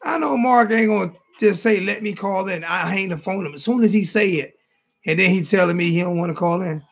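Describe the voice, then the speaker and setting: A man's voice: sits high, fairly quick, creaky, fairly bright tone. A man hosting a casual fan call-in show in a Southern US accent, loose and repetitive, often restarting his sentences.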